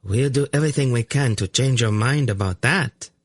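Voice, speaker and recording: A man's voice: mid-range voice, moderate pace, slightly rough, no echo, clean studio sound, voice pushed up, lightly acted. A man voicing a sweetly menacing woman in an audiobook. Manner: chillingly sweet. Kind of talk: audiobook character voice.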